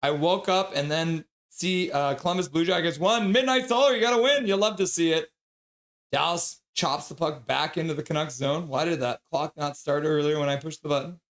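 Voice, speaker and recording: Excitable man calling a game live. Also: a little high, normal speed. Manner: excitable, cries out at big plays; coos in baby talk at his dog. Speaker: livestream host calling the game. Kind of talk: live fan play-by-play.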